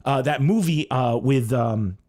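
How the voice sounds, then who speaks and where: A man's voice: medium pitch, unhurried. A man hosting a comedy podcast, talking casually and acting out the lines he quotes. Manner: animated, acts out quoted lines.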